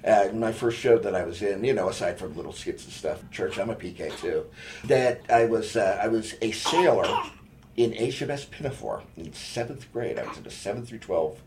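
A man with a lowish voice chats casually as a guest on a talk show. He is animated and laughs easily. A faint hiss of noise sits under the recording. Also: moderate pace. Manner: animated, chatty, laughs often. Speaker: guest actor. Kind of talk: casual chat.

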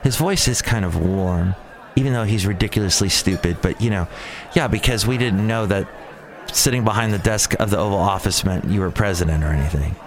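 A man's voice: fairly low pitch, a little fast. A man hosting a casual solo show, rambling and sarcastic as he jumps from topic to topic. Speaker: podcast host.

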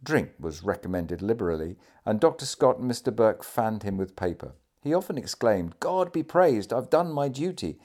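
A man reads a historical account aloud in a measured, formal manner. His voice sits fairly low. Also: warm tone. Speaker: audiobook reader.

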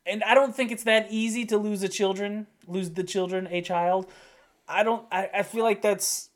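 A man co-hosting a podcast in casual chat, talking in halting bursts with frequent restarts. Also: high-pitched, fairly even intonation. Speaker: podcast co-host.

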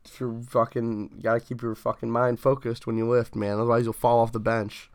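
A man's voice: mid-range voice, flat delivery, a little fast, clear, resonant tone. A young man co-hosting a podcast, telling long, rambling stories in casual chat, swearing constantly and laughing often. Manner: profane, rambling storytelling with frequent laughs. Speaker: podcast co-host.

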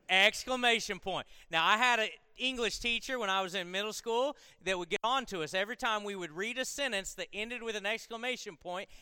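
Bright, high-voiced pastor preaching. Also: male voice, smooth, no room sound, studio quality, long reverb tail. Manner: conversational, building to emphatic repetition. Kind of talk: sermon.

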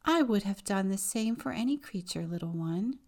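A woman's voice: medium pitch, expressive, normal speed, a little mellow. A woman voicing a shy, kind and humble peasant girl.

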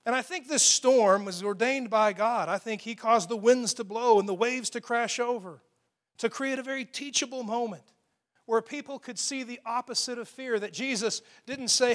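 Male pastor, high-pitched voice, emphatic sermon delivery with hushed quoted lines. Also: moderate pace. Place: church with a loud PA system.

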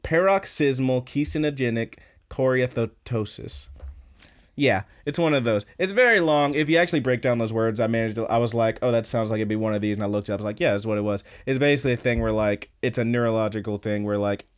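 A man co-hosting a podcast, casually recapping an episode in a profane, animated way, acting out the characters' lines. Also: lowish voice, very fast, hardly any pauses, clear, resonant tone. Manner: profane, animated retelling with quoted voices. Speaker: podcast co-host.

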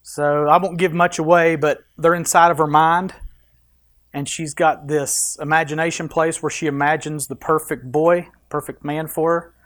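A man's voice: a little high, level tone, normal speed, fairly bright tone, no echo, clean studio sound. A man preaching a sermon in a conversational, joking manner to his congregation. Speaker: pastor.

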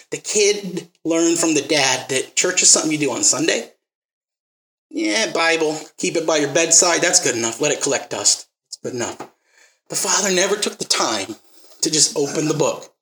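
A man's voice: a little high, a bit bright, echoey room, poor audio. A man preaching a sermon, telling stories and acting out the quotes, then pressing the listeners with emphatic rising questions.

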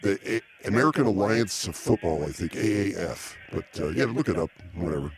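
Brief: lower-voiced male host, dry, meandering, quick to get exasperated. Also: expressive. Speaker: podcast host. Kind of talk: casual live podcast chat.

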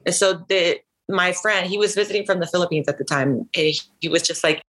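A woman's voice: lowish voice, brisk, fairly bright tone, rough recording. A woman from Northern California telling a personal story as a podcast guest, chatty and full of "like" fillers. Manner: chatty, frequent "like" fillers, laughs easily. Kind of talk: casual storytelling.

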